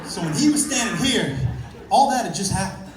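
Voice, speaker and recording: A male stand-up comedian telling a rowdy, profane story on stage, acting out voices and breaking into shouts. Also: sits high, expressive, brisk, very noisy. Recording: echoey club, live crowd laughing. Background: crowd laughter.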